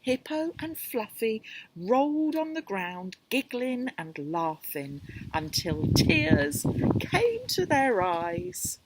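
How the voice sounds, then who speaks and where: A woman reading a picture book aloud to children, gentle and expressive. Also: on the high side, slow pace, heavy background noise. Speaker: storyteller.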